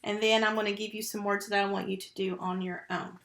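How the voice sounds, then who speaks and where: Speaking fairly quickly with little pitch movement, this woman has a medium, slightly bright voice. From home, she teaches first graders phonics, carefully sounding out each letter and syllable into a computer microphone, and the room echoes noticeably.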